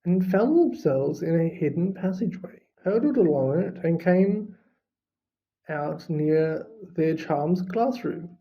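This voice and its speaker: A reader narrating a storybook in an unhurried, expressive way. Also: mid-range voice. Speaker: audiobook reader. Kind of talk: storybook reading. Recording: dull lo-fi recording.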